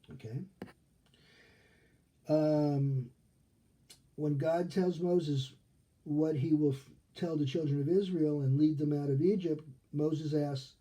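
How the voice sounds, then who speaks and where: A man's voice: fairly high pitch, unhurried, dark tone. A male rabbi giving a casual Torah study lesson, talking conversationally and often checking in with "okay?". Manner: acts out quoted characters in his retelling.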